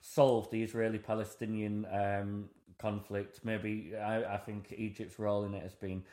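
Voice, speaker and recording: Young man, low voice, rambling podcast anecdote, roomy echo. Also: little pitch movement, moderate pace, dark tone. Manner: rambling storyteller, self-mocking. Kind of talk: casual chat.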